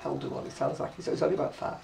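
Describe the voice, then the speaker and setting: A woman's voice: a bass voice, steady tone, rapid-fire, creaky, a crowd in the background. An older woman with a Lancashire accent, chatting at home as host and laughing through her stories. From Oldham area, northwest England. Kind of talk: casual chat. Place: living room at home, indoors. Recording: distant camera mic in a room.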